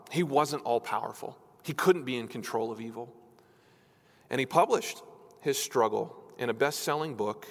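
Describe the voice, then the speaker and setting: Earnest male preacher in a reverberant hall. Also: medium pitch. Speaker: pastor. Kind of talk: sermon.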